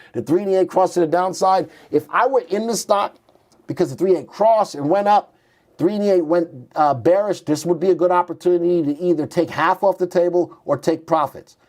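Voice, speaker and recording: A man's voice: high-pitched, darkish tone. A man hosting a stock market show, chatty and thinking aloud as he types in tickers and reads charts live.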